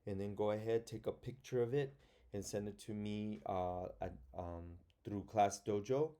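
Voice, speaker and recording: A male teacher with a lowish, mellow voice leads young children through a phonics lesson. He talks slowly and patiently, sounding words out letter by letter and reading sentences aloud in chunks.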